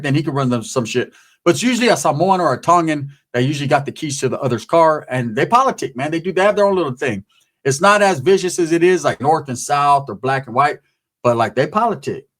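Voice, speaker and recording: A man telling a prison story in a casual, streetwise, profane way, often slipping into the voices of the people in it. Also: a little high.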